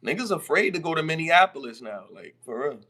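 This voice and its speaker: Excitable slangy man on a podcast. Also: fairly high pitch, a little fast, slightly rough. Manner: loose, excitable, slangy, swears often. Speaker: podcast co-host. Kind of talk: casual chat.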